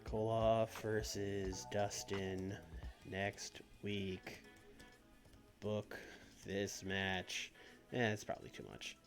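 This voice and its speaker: A man's voice: on the low side, little pitch movement, very slow. A man streaming a game, talking casually and offhand, thinking aloud and swearing now and then. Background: faint background music.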